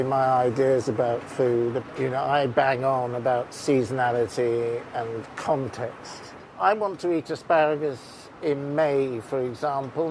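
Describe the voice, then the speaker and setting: A man's voice: medium pitch, background noise. A man, a chef and food writer, talking passionately and emphatically in an interview, repeating words as he presses a point.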